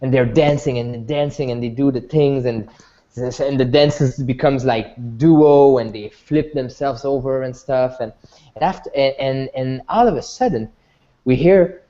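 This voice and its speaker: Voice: medium pitch, a little slow, mellow. A game master narrating a tabletop game, rambling and restarting often. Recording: dull lo-fi recording.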